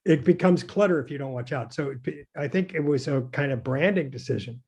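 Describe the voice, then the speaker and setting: An older man tells casual stories about his career, voice a touch higher than most men's. He hesitates often, restarts sentences, and laughs softly at his own anecdotes. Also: a little fast, slightly rough. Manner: rambling, hesitant with many fillers, chuckling anecdotes. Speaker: guest, designer. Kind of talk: casual conversation.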